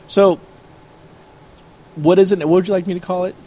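A man's voice: sits high, fairly even intonation, moderate pace, dark tone. A man chatting casually, telling a long story and acting out both sides of an argument. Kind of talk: casual chat.

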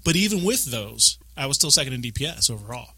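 A man chatting casually on a podcast, rambling and animated as he acts out bits of his stories. His voice is bright and forward. The sound is dry and close, with no room around it. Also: mid-range voice, quick pace, husky, dry recording. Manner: rambling, animated storytelling with acted-out quotes. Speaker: podcast co-host. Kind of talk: casual chat about a video game.

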